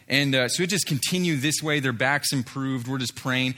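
A man's voice: medium pitch, moderate pace, few pauses, pushed and bright. A man telling a story from street ministry, with many fillers and restarts, acting out what others said. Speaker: street evangelist telling a testimony. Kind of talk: spoken testimony story.

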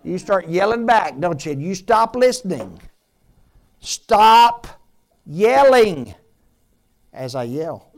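Lively-pitched preacher man. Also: normal speed. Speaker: pastor. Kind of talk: sermon.

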